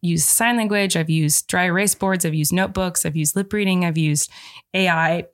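A woman's voice: fairly low pitch, normal speed. A young adult woman co-hosting a podcast in casual chat, laughing easily and talking over her partner. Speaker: podcast co-host.

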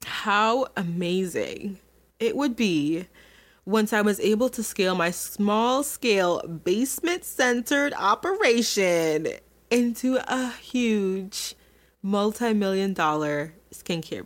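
A young adult woman hosting her own podcast, talking candidly and chattily straight to her listeners. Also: mid-range voice. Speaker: podcast host. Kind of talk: casual solo podcast monologue.

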